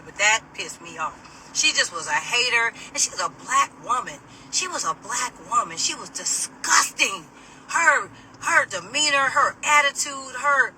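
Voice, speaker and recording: A woman vents in an animated, indignant monologue, swearing freely as she drives. Her voice is piercing and forceful. She sits a little back from the phone, with a faint hum of the road underneath. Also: mid-range voice. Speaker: vlogger. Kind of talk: casual venting monologue. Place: in a moving car. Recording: distant mic, faint road noise.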